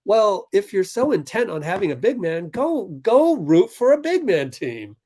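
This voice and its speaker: Streaming for fans, this host narrates the game as it happens and argues with his chat, lurching from heated outbursts to quiet, muttered play-by-play. His delivery is sing-song and unhurried, with a dark tone.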